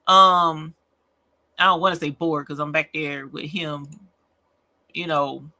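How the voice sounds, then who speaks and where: Woman, crafting livestream host; very bright, sharp tone; casual, rambling, folksy banter. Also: low voice, steady tone, takes it slowly. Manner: chatty and rambling, laughs often, folksy slang. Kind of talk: casual late-night livestream chat.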